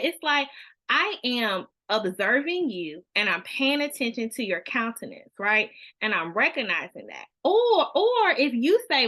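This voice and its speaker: A woman presents a youth counseling workshop at church. Her voice is bright and ringing, pitched somewhat high. She talks casually, often checking in with her listeners and playing out what a parent might say to a child. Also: big pitch swings, measured pace. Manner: conversational, acts out parent-child dialogue; frequent "you know what I mean" asides.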